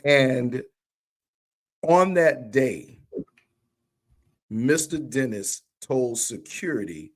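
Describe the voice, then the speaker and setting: Man with an average-pitched voice who tells a story with animation and voices the quoted speakers. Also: expressive, very slow, pauses often. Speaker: church leader telling a story. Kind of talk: livestream conversation. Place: remote livestream call.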